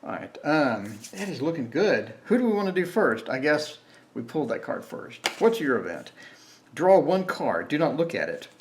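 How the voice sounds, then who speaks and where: A man's voice: fairly high pitch, big pitch swings, normal speed, slight background noise. A man playing a board game alone on camera, reading cards aloud, counting and grumbling about bad luck. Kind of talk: solo playthrough commentary.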